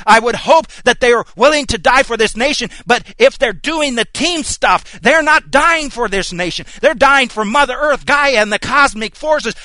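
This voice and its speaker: A man's voice: very high voice, pushed and bright, no room sound. A middle-aged man preaching a fiery sermon, firing off rhetorical questions and hammering the same point through repetition.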